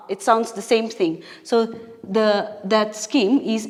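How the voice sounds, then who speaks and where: This is a recorded classroom lesson on English poetry, led by a woman whose voice sits fairly high and moves slowly. She explains things patiently in steps, dropping in fillers and fixing small slips, while a long hall reverb fills the recording.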